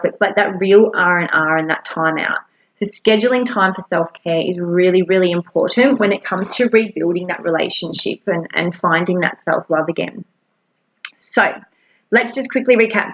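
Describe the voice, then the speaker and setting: A woman's voice: mid-range voice, a bit bright, dull audio. A woman giving casual, encouraging self-help advice to camera in a chatty way. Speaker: wellness coach.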